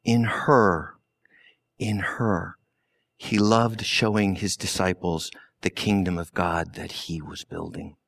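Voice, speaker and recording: A man preaching a sermon slowly and deliberately, with long pauses and sudden drops to a hush. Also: deep voice, fairly even intonation, creaky. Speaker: pastor.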